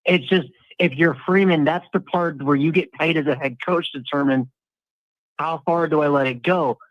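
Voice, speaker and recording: A man's voice: fairly high pitch, moderate pace, dry recording, highs cut off. A man in casual sports talk, analyzing football at length with frequent restarts.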